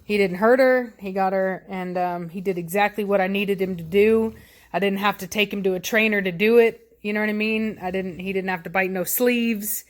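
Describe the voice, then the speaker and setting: A woman's voice: mid-range voice, steady tone, normal speed. A woman, a dog breeder rambling through a casual story at home. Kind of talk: casual vlog chat. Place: home indoors with puppies.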